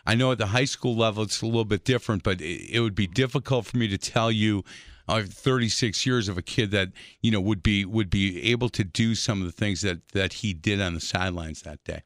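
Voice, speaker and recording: A man's voice: on the low side, fairly bright tone, dry recording. A man on a dry, close studio mic, hosting a chat show. He rambles and restarts, teases his guests, and keeps the talk light and friendly. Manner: teasing, jovial, rambling with restarts. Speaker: radio show host, former high school basketball coach. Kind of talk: casual radio chat.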